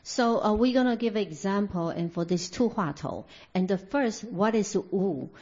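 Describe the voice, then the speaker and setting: Mellow-voiced woman interpreting a dharma talk. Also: medium pitch, measured pace. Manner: hesitant, many fillers and restarts. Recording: dull lo-fi recording.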